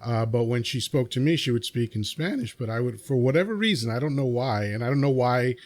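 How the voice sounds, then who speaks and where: A man with a mild New York accent hosts a relaxed podcast conversation. He talks freely and easily, spinning out long personal stories in a mid-pitched voice. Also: fairly quick. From Dominican Republic. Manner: easygoing, talkative storyteller. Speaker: podcast host. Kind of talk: casual interview chat.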